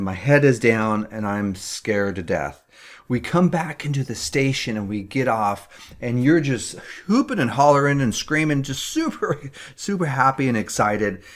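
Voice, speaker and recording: A man coaching business owners in a motivational talk, earnest and repetitive, restarting his phrases often. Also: fairly low pitch. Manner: earnest, repeats words, fillers.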